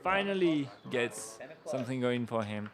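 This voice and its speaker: A man with a French accent commentating live poker, reacting to the action with quick gasps and laughs. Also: medium pitch, expressive, crowd noise.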